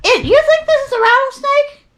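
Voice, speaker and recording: A woman imitating an excitable, odd man, talking in a shrill, jittery way. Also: normal speed. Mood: agitated.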